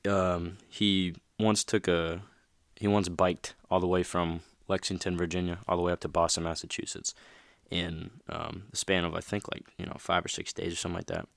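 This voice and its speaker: A man's voice: deep voice, little pitch movement, moderate pace, creaky, no room sound, clean studio sound. A man hosting a motivational podcast, talking in a loose, rambling, conversational way and often checking in with "right?". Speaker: podcast host. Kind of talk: casual motivational monologue.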